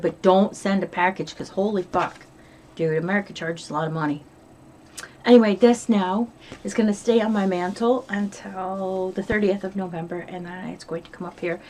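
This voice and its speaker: A woman's voice: on the low side, darkish tone, a little hiss or hum. Chatty middle-aged American woman, swearing freely. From upstate New York. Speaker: vlogger. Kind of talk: casual diary vlog.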